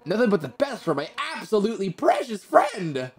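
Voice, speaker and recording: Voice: medium pitch, big pitch swings, fairly quick, a crowd in the background, pitched above the performer's own voice, lightly acted. A streamer voicing a brash, hot-headed female warrior who leads a royal guard, reading video game dialogue aloud. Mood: teasing. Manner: brash, loud and teasing.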